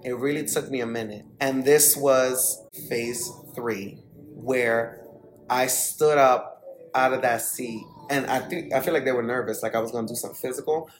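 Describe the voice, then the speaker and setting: A man's voice: medium pitch, fairly even intonation, normal speed, soft background music, rough recording. Emphatic man telling his story. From Bronx, New York. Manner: emphatic, candid, swears freely. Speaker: podcast guest, startup CEO. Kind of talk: storytelling in an interview.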